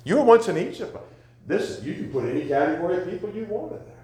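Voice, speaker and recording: A man preaching a sermon, telling folksy stories and rising to loud, emphatic questions. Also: high voice, sing-song, quick pace. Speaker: pastor. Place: church sanctuary. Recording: echoey church sanctuary.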